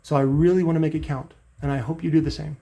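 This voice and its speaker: A middle-aged man vents in a blunt, profane vlog rant. His voice sits a bit high for a man and has a gravelly, rough edge. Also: steady tone, quick pace, dark tone. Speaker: channel host.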